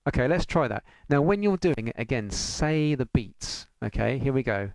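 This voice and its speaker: A man's voice: medium pitch, lively intonation, moderate pace, creaky, darkish tone, no room sound. A man teaching an online piano lesson, patiently counting beats aloud and singing rhythm syllables.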